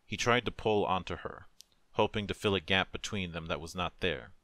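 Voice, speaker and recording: Deep-voiced man narrating a dark story. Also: no echo. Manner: solemn, emotive, measured. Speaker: narrator, streamer. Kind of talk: dramatic story reading.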